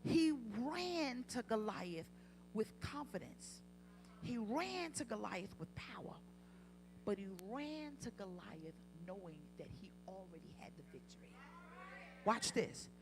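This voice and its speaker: A woman preaching a sermon in a church, swinging from quiet to loud, passionate peaks, with humorous asides. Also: medium pitch, sing-song, a little slow, background noise. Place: church sanctuary.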